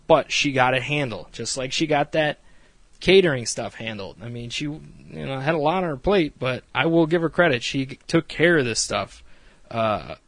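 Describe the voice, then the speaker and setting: A man's voice: mid-range voice, no echo. A man casually recapping a reality show episode, rambling and swearing freely with frequent laughs. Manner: rambling, profane, laughs often.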